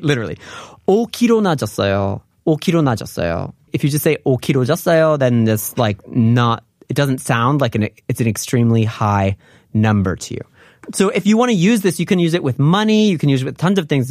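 A man in a language lesson, explaining grammar with a voice of medium pitch that swings widely as he acts out example phrases. The sound is dry and close, with no room echo. He talks in a lively, animated way. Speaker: language teacher.

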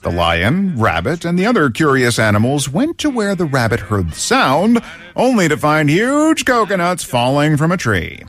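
A man narrating a children's story in an animated storytelling manner. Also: a little high, moderate pace, faint music behind.

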